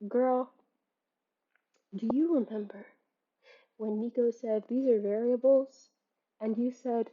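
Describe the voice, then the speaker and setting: A young woman with a fairly high voice talks through a book in a casual video essay, sarcastic and exasperated, breaking into laughter at her own asides. The sound is a little dull and lo-fi. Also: takes it slowly, long pauses. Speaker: book reviewer. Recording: slightly muffled lo-fi audio.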